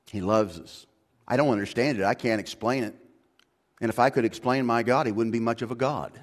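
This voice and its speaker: Speaking a little fast, a pastor delivers his sermon, going from soft, low reflection up to loud, high exhortation. His language is casual and slangy, and he keeps restarting himself.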